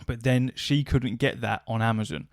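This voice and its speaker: A man's voice: mid-range voice, fairly even intonation, normal speed, no room sound, studio quality. A man, a podcast host telling a long anecdote in casual chat, swearing freely and acting out quoted back-and-forth dialogue.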